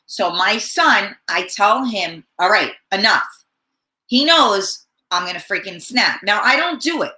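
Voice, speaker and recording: A middle-aged woman hosting a talk show, hoarse and often clearing her throat, rambling in a blunt, profane, casual way. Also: mid-range voice, sing-song, a little slow, few pauses, bright, forceful tone, reverberant. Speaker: host. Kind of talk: casual chat.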